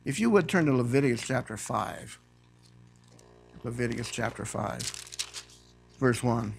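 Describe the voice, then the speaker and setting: A man preaching a sermon to a church congregation. He reads scripture aloud and rises to loud, emphatic preaching. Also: medium pitch, lively intonation, a little slow, vocal fry, slight background noise. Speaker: guest preacher.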